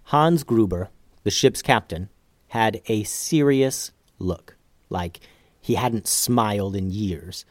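A man narrating an adventure storybook in a steady, measured way. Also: on the low side, dry recording.

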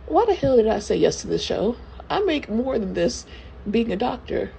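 A woman playing a fed-up woman doctor who wonders why she bothered, with a sarcastic edge. Her voice is gravelly and dark, with faint background ambience. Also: a little high, very animated, moderate pace, a little hiss or hum, heavily acted, low-quality recording. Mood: exasperated. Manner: sarcastic, exasperated. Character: exasperated woman doctor regretting joining a show.

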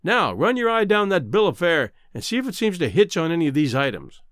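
A man voicing a polished city gentleman who speaks in a quiet, measured way. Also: fairly high pitch, sing-song, no room sound, studio quality.

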